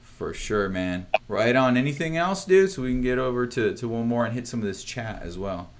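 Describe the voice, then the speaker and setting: A man's voice: mid-range voice, lively intonation, moderate pace, noisy background. A young man hosting a casual livestream chat, laid-back, swearing often, with lots of fillers. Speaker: host, band drummer.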